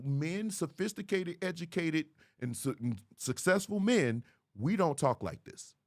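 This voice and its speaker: A man's voice: a little high, no room sound, clean studio sound. A man hosting a show, speaking casually and preaching straight to his viewers. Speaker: host. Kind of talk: casual commentary monologue.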